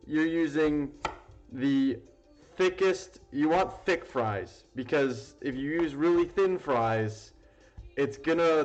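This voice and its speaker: A man's voice: medium pitch, darkish tone. A man hosting a live cooking stream, talking casually and rambling, with plenty of fillers and the odd swear word. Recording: roomy, dull lo-fi sound with faint music.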